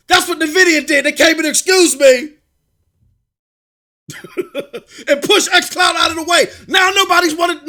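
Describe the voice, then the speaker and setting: A man hosting a live stream, talking excitedly about gaming with frequent shouted bursts. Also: very high-pitched. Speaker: livestream host.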